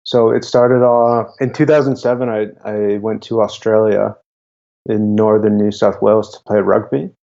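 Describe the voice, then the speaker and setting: A young man talks in a relaxed interview, halting often. His low voice is gravelly and mellow. The audio is dull and lo-fi. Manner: halting, with frequent restarts. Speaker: guest, YouTuber. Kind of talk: casual interview talk.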